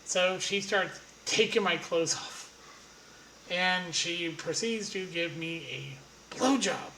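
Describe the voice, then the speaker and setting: A man's voice: high voice, slow, pushed and bright, roomy sound, slight background noise, rough recording. Profane, rambling man telling a story. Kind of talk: casual anecdote storytelling.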